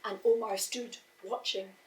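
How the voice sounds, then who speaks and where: A woman telling a folk tale to a live audience, slow and expressive, voicing the characters as she goes. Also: medium pitch. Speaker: storyteller. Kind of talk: live oral storytelling. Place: live storytelling event. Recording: echoey room, voice from far off.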